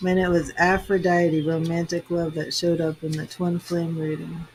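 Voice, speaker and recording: A woman's voice: on the low side, flat delivery, moderate pace, darkish tone, a little hiss or hum, poor audio. A woman reading tarot on a live stream, chatting with viewers in an emotional, rambling way with lots of fillers, tearful at times. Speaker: tarot reader and psychic medium.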